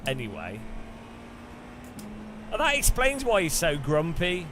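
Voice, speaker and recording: A man's voice: on the high side, wildly swooping pitch, takes it slowly, background noise. A man chatting casually about sim racing as he plays, rambling with chuckles and restarts. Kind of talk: casual gaming chat.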